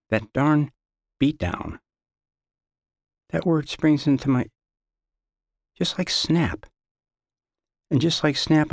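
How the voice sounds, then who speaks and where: A man reading his own literary story aloud in a measured, halting first-person delivery, recorded close in a studio. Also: medium pitch, no room sound.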